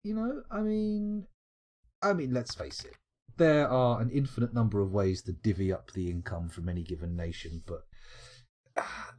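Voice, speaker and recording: A man's voice: medium pitch, darkish tone. A British man streaming late at night, chatting casually and answering his viewers' comments, rambling and swearing with lots of restarts. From United Kingdom. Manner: rambling, sweary and jokey, with frequent restarts and laughs. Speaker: live streamer.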